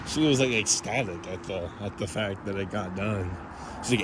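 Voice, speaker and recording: A young man with a lowish voice rambles through a casual vlog, self-conscious and full of restarts. Traffic and street sounds run clearly underneath. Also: fairly quick. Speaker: vlogger. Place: outdoors by a street. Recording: outdoor street noise behind.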